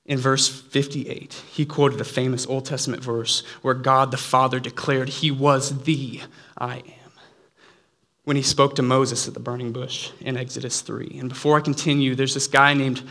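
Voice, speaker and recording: A man's voice: mid-range voice, little pitch movement, measured pace, pushed and bright. A man preaching a sermon in an earnest, conversational way, slipping in playful asides.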